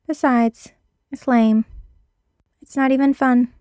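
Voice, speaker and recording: A woman's voice: sits high, steady tone, slow pace, mellow, dry recording, clean studio sound. Woman voicing Parker, a blunt quirky thief.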